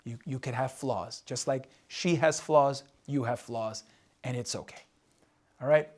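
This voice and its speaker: A man with a medium-pitched voice, speaking a little slowly, coaches husbands on relationships in a candid, confessional, casual way. He repeats himself, keeps asking "right?", and draws on a board as he goes.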